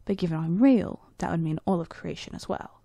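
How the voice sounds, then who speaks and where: A woman's voice: lowish voice, a little fast, creaky, mellow, slightly rough, no echo. A woman voicing an ageless male space traveler, confident and matter-of-fact, explaining things insistently in a storybook reading.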